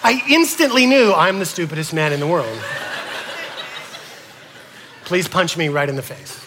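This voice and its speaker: A man preaching a sermon to his congregation, asking them questions and swinging from loud to whispered. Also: a little high, expressive, unhurried, noisy background. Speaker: pastor.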